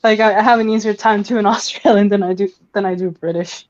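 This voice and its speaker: A woman's voice: medium pitch, steady tone, a little fast, darkish tone, lo-fi sound. A woman chatting casually on a stream, rambling with many fillers and laughter. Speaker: stream participant. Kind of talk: casual chat.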